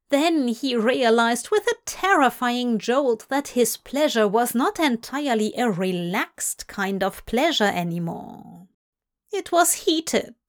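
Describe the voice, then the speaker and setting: A woman reading a story aloud in a soft, hushed voice that drifts into whispers. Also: on the high side. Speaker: audiobook reader. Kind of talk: narrating fan fiction aloud.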